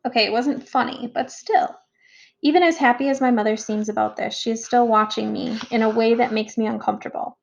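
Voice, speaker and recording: A woman reading a first-person story aloud as an audiobook narrator, in a measured, reflective way. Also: on the high side, fairly even intonation, gravelly, low-quality recording.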